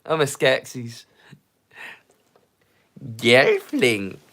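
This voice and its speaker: A man voicing a villainous male Skeksis creature with a harsh, crying shout. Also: mid-range voice, huge pitch swings, extremely slow, pitched below the performer's own voice, full character voice. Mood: hungry.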